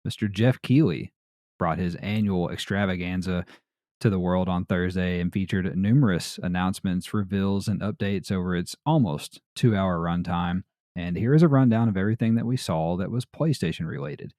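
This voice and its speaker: A Southern American man hosts a casual podcast in a deep, mellow voice. He rambles easily, with plenty of fillers and laughter. The sound is dry and close. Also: moderate pace, no room sound. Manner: laid-back, rambling with fillers and frequent laughs. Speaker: podcast host.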